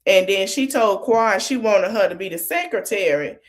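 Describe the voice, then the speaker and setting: A woman's voice: mid-range voice, animated, moderate pace. A woman hosts a casual podcast recap, talking loosely and informally. She laughs often as she retells scenes. She slips in quoted lines from the cast as she goes. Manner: informal colloquial speech. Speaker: podcast host.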